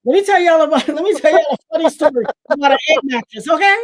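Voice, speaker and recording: A woman hosting a livestream, telling a funny story in an animated, preachy way and laughing often. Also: sits high, quick pace. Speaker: livestream host. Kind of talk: lively storytelling chat.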